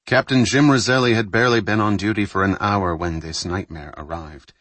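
A man reading a thriller novel aloud in measured, scripted audiobook narration. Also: fairly low pitch, fairly bright tone, dry recording.

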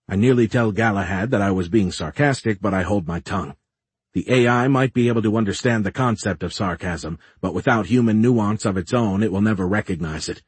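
A man narrates a first-person audiobook in a measured, tense manner. His voice is low and husky. The recording is dry and close. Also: no room sound.

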